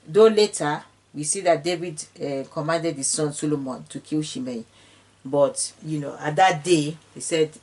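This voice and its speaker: A woman retelling a Bible story in an informal way, with fillers and restarts, slipping into the characters' speech. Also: sits low. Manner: slips into the characters' speech when quoting. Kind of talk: casual retelling of scripture.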